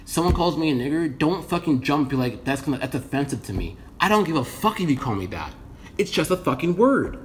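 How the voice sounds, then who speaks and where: A man's voice: medium pitch, sing-song, quick pace, hardly any pauses, a little hiss or hum. A man from the United States ranting to camera in a casual vlog, blunt and rambling, swearing constantly. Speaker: vlogger. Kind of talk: casual opinion rant to camera.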